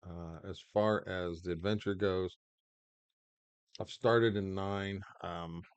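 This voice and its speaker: A man's voice: low voice, fairly even intonation, slow, clear, resonant tone, dry recording. A man hosting his own gaming channel, rambling through mobile game commentary with lots of fillers and restarts. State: hiccups.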